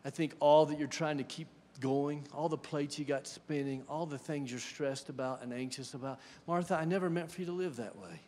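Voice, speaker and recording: Speaking briskly and with hardly any pauses, a man with a slightly high, mellow voice preaches as a guest in a church sanctuary. He talks conversationally and asks the congregation questions, with long hall reverb and slight background noise.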